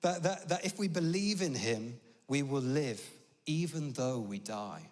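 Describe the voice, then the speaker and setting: A man's voice: medium pitch, expressive, a little slow. A British man giving a conversational sermon in a church, telling stories with humorous asides. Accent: British English. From Britain. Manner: chatty storytelling, humorous asides. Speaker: preacher. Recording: long church reverb.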